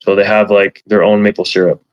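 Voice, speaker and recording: Podcast guest, male, low voice, loose rambling chat full of fillers, dry lo-fi audio. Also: level tone, brisk, smooth, dry recording. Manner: rambling, lots of fillers and swearing. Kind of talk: casual chat.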